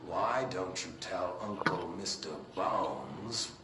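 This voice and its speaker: An actor playing a creepy, soothing uncle figure talking to a child in a video game cutscene. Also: male voice, deep voice, slow pace. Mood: cooing. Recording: roomy echo, game noise behind.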